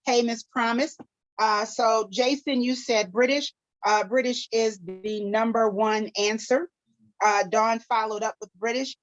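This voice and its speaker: Chatty higher-voiced woman co-host. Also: fairly even intonation, measured pace, no room sound, dull audio. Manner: chatty, laughs often, drops into playful foreign phrases. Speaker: co-host running a game segment. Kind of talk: casual live podcast chat.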